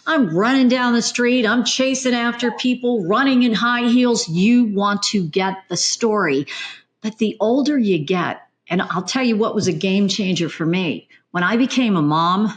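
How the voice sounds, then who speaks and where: A middle-aged woman with a medium-pitched voice hosts a casual interview. She talks in a lively, conversational way and adds emphatic asides as she goes. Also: moderate pace. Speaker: podcast host.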